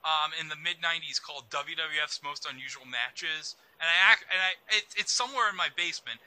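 Male co-host, very bright high voice, dry sound, rambling. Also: brisk, smooth, low-quality recording. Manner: eager, rambling with fillers. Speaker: wrestling podcast co-host. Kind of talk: casual chat.

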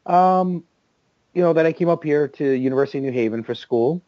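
A man's voice: fairly high pitch, brisk, no room sound. A man from Brooklyn and South Florida with a Brooklyn accent, co-hosting a sports talk show in a teasing, wry, loose way. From Brooklyn, raised in South Florida. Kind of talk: casual sports talk chat. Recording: dull, lo-fi podcast audio.

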